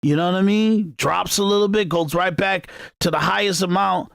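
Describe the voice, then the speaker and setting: A man's voice: high-pitched, normal speed, gravelly, fairly bright tone, no echo, studio quality. A man hosting a podcast, delivering an emphatic, repetitive monologue of commentary that often restarts its phrases. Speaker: podcast host. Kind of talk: unscripted political commentary monologue.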